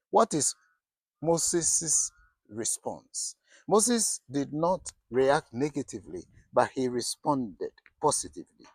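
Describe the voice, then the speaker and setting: A man's voice: on the high side, a little mellow, dry recording. A middle-aged man giving a sermon as pastor, asking his listeners questions and often restarting his words. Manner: preaching with rhetorical questions and frequent restarts.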